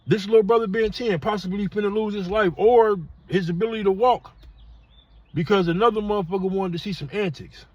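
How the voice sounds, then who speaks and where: A man's voice: high voice, steady tone, fairly quick, no echo, lo-fi sound. A middle-aged man hosting a casual podcast monologue, blunt and profane in street talk. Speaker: podcast host.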